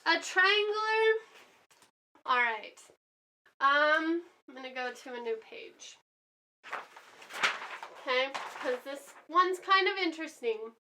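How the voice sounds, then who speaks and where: A woman's voice: high-pitched, animated, slow pace, long pauses, bright, forceful tone, slight background noise. A woman teaching a lesson in a chatty way, acting out examples with many fillers. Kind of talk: classroom lesson.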